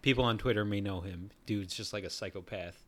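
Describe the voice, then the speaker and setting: A man's voice: on the low side, a little fast. A man co-hosting a casual podcast in a laid-back, dry way. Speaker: podcast co-host. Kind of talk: casual chat.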